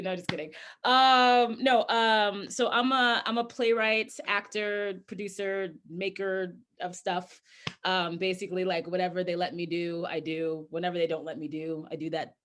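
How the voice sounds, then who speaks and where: A woman's voice: on the low side, fairly even intonation, normal speed, fairly bright tone. A woman from Pennsylvania giving a chatty, self-deprecating talk as a guest speaker over a video call, with many fillers. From Bucks County, Pennsylvania, US.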